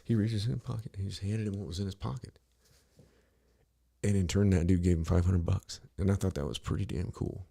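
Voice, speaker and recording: A man's voice: low-pitched, steady tone, fairly quick, creaky, dark tone. A middle-aged man talking bluntly and casually on a podcast, rambling and profane, with lots of "you know" between his thoughts.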